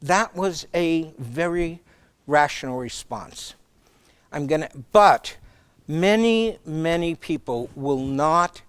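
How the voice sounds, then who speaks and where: A man's voice: on the high side, smooth, dry recording. A man speaking as a guest lecturer on leadership, telling stories with some fillers and restarts.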